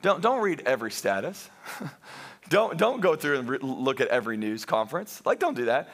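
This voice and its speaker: A man preaching a sermon to a congregation in church, telling lively stories with jokes at his own expense. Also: medium pitch, normal speed. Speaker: pastor.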